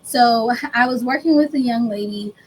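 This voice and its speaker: A woman business coach giving a workshop presentation, conversational and animated, often acting out dialogue with her clients. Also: a little high, normal speed, a little hiss or hum, rough recording.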